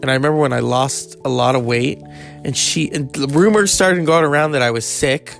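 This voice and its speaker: A man telling a candid personal story in a rambling, casual way, swearing freely and adding animated asides. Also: medium pitch, fairly quick, gravelly, soft background music.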